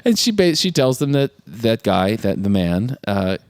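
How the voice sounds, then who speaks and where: A man's voice: measured pace, clear, resonant tone, no echo, studio quality. A man co-hosting a podcast, chatting casually as he recaps a film and acts out the characters' lines with laughter. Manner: animated, acts out quoted lines with big pitch jumps and laughs. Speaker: podcast co-host.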